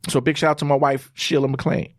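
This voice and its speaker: A man's voice: a little high, flat delivery, a little fast. A man testifying about his life in an interview, repeating and emphasizing phrases like a preacher. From New York. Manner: acts out God's and his son's voices. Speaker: interview guest. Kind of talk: testimonial storytelling.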